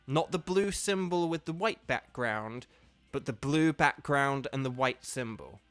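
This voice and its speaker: A man's voice: medium pitch, lively intonation, measured pace, clean tone, dry recording, faint music behind. A man streaming a game live, patiently explaining steps to his viewers in a casual, chatty way full of fillers.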